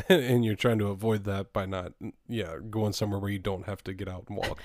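A man's voice: lowish voice, steady tone, brisk, no room sound, clean studio sound. A man co-hosting a casual podcast, rambling with frequent laughs and casual swearing. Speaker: podcast co-host.

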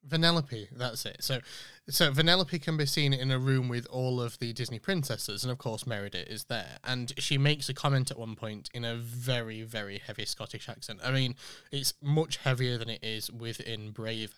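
A man from England chats enthusiastically about films on his podcast. His voice is smooth and resonant. The recording is dry and close, with no room sound. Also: mid-range voice, normal speed, fairly bright tone, no room sound. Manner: chatty, enthusiastic, self-correcting asides. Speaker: podcast host. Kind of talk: casual podcast commentary.

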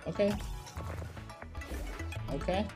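A woman's voice: very slow, music in the background. A woman in a studio chatting and coaxing the spins along during a slots session. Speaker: guest. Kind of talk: casual group banter while gambling.

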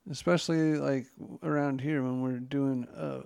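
Gravelly-voiced man chatting casually. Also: mid-range voice, fairly even intonation, moderate pace, darkish tone. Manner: loose, joking, swears casually. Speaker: podcast co-host. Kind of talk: casual chat.

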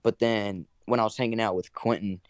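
A man's voice: on the low side, fairly even intonation, fairly quick, no room sound. A young man who is a guest on a podcast, talking in an easygoing, plain-spoken way. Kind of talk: casual podcast chat.

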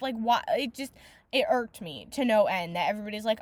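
High-pitched woman ranting about a book on her podcast, cursing a lot, super dry close mic. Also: sing-song, a little slow, long pauses, a bit bright, no echo. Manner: rants exasperatedly, swears often, many "like" fillers. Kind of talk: casual book review monologue.

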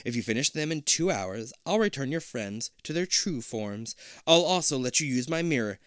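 A man doing a booming monster queen. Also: expressive, clear, resonant tone, no room sound, studio quality, natural voice. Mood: commanding. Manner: slow, booming, theatrical menace. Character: monstrous old female Queen creature, menacing.

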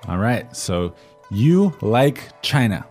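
A man's voice: on the low side, sing-song, slow pace, darkish tone, soft background music. Man co-hosting a language lesson. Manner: prompting questions, recapping in plain English. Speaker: co-host.

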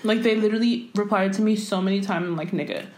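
A young woman co-hosting a casual chat, emphatic and slangy, quick to agree. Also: mid-range voice, fairly even intonation, darkish tone.

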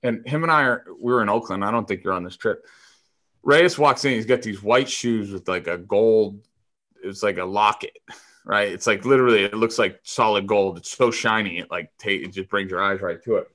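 A man co-hosting a casual podcast, telling animated, profane clubhouse stories with frequent laughter. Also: on the low side, moderate pace. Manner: animated, profane, laughs often, acts out voices. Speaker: podcast co-host, former ballplayer. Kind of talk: casual storytelling chat.

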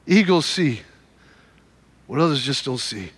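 A man's voice: very high-pitched, moderate pace, bright, forceful tone. A man preaching a sermon, retelling stories dramatically and exhorting his listeners.

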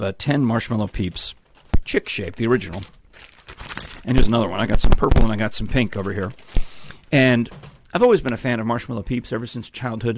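A man's voice: lowish voice, background noise. An older man from New York hosting a live show, telling rambling stories to viewers with lots of ums and asides. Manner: chatty storyteller, many ums and asides. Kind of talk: rambling casual chat to viewers.

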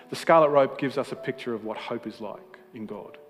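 A man preaching a sermon with passion, swinging between emphatic peaks and quiet moments, with self-deprecating humor. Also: medium pitch, a little fast, hardly any pauses. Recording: hall reverb with faint music.

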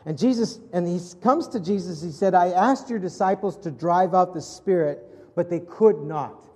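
A man preaching a conversational sermon as pastor, asking his congregation questions and dropping softer for prayerful moments. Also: sits high, normal speed. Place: church hall with congregation. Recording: long hall reverb.

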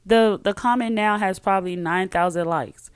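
A podcast host talks on her own in a chatty, emphatic way, often trailing off and starting over, in casual solo talk that includes a read sponsor ad. Her medium-pitched voice is clear and resonant at normal speed, with a dry, clean studio sound.

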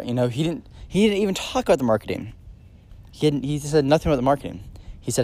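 A man's voice: mid-range voice, lively intonation, fast talker, darkish tone. Casual rambling male podcaster. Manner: casual, rambling, many fillers and restarts; enthusiastic, emphatic on key points. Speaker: podcast host. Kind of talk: solo podcast monologue.

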